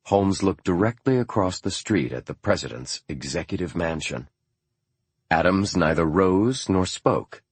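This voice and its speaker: A man reading a novel aloud as an audiobook narrator, in a steady, even storytelling manner. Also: low-pitched, slightly rough, dry recording. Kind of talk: scripted narration.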